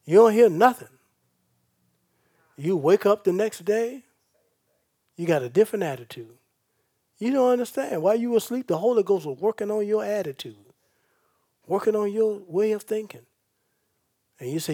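A pastor delivers his sermon in a somewhat high voice. He swings from loud, excited bursts to soft, intimate reassurance. He speaks in a folksy, conversational way, straight to his congregation. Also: normal speed, pauses often. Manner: dramatic swings from loud preaching to soft comforting.

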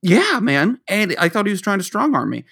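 A man's voice: high-pitched, huge pitch swings, fairly quick, gravelly, a bit bright, husky. Guy rambling thru a story, cussing, voice jumps all over, keeps restarting. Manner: rambling, profane, stammers and restarts. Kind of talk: casual storytelling.

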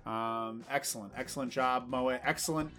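A man's voice: medium pitch, moderate pace, sharp tone. A man co-hosting a casual podcast, giving rambling, laid-back advice with plenty of fillers. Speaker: podcast co-host. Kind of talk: casual chat.

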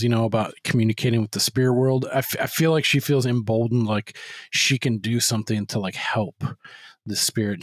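A man co-hosting a movie-review podcast, recapping the plot in a rambling, profane stream and slipping into quoted voices. His pitch is average for a man. The recording is very dry and close. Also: dry recording. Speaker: podcast co-host. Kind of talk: casual movie-review chat.

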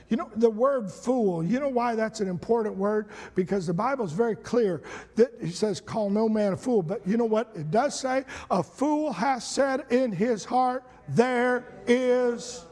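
High-voiced pastor preaching in a reverberant church. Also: male voice, measured pace. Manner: rising to shouted, fervent preaching. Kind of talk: preaching sermon. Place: church sanctuary. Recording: long hall reverb.

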